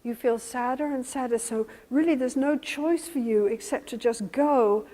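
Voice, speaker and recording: A woman's voice: fairly high pitch, normal speed, mellow. A woman therapist giving a workshop lecture, animatedly acting out both partners in a couple's session. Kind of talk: teaching lecture with re-enacted session dialogue. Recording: reverberant hall.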